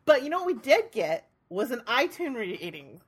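A woman's voice: a little high, sing-song, normal speed, breathy edge. A young woman co-hosting a podcast, chatting casually and laughing often, with plenty of "like" in her talk. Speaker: podcast co-host. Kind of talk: casual chat.

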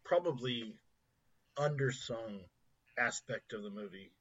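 A man chatting casually as a podcast co-host, rambling with halting restarts and frequent laughter. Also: mid-range voice, fairly bright tone, breathy edge, muffled recording. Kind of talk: casual chat about comedy films.

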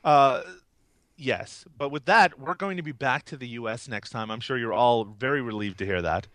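A man's voice: mid-range voice, moderate pace, fairly bright tone, no echo. A man co-hosting a podcast in casual, rambling, enthusiastic chat, often laughing, while recovering from a cold. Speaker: podcast co-host.

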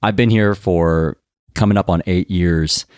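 A man's voice: low voice, fairly even intonation, measured pace, darkish tone, smooth, no echo, studio quality. An American man hosting an interview, asking friendly, curious questions. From United States. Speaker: interview host. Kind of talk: casual interview chat.

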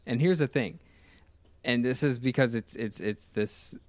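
A man's voice: medium pitch, unhurried, no room sound. A man hosting a casual film commentary, enthusiastic and rambling, with many restarts. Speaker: podcast host.

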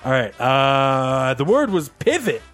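Lively laughing male podcast host. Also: slow, soft background music. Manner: laughing often, lively pitch swings. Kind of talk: casual group chat.

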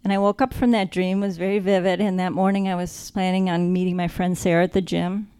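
A woman's voice: lowish voice, level tone, mellow, smooth. Earnest woman telling her faith story. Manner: earnest, reflective, slows down for emphasis. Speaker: speaker sharing her faith testimony. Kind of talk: personal testimony storytelling.

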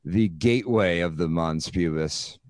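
Low-voiced wry male co-host. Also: unhurried, darkish tone, dry recording, clean studio sound. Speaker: podcast co-host. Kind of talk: casual podcast banter.

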